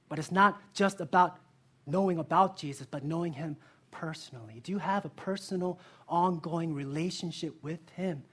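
A male pastor preaching a sermon in an earnest way, asking the listeners direct questions and telling stories with energy. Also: high voice. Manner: lively storytelling.

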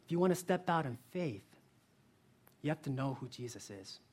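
A male pastor delivers a sermon with a slightly breathy, husky voice. He talks earnestly and puts pointed questions straight to his listeners. When he tells a story, it comes alive with energy. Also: mid-range voice, normal speed. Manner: lively storytelling.

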